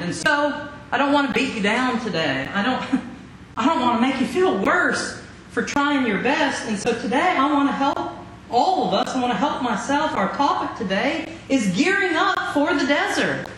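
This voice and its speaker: A man preaching a sermon as pastor, dramatic, with rhetorical questions and drawn-out emphasis. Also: very high voice, sing-song, fairly bright tone. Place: church sanctuary. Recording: very echoey hall, faint noise.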